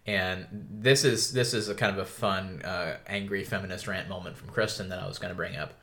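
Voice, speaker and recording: A man co-hosting a podcast, chatting casually about a book, with relaxed fillers and restarts. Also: deep voice, brisk, vocal fry. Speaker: podcast co-host.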